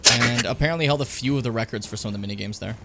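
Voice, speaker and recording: A man's voice: medium pitch, rapid-fire, heavy background noise. A young man hosting a game stream, joking around in casual, playful chat and sometimes talking while eating. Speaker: streamer host. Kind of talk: casual chat over gameplay.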